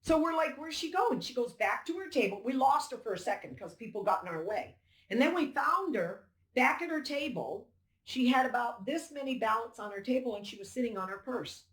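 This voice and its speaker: A woman's voice: on the high side, lively intonation, brisk, fairly bright tone. An older woman giving an emphatic, indignant interview account, acting out the dialogue as she tells it. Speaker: poll challenger recounting events. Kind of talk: interview testimony. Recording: roomy echo.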